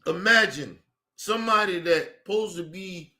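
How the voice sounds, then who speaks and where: A man's voice: high voice, moderate pace, bright, forceful tone. A man streaming his reaction to a clip, ranting in incredulous, profane commentary.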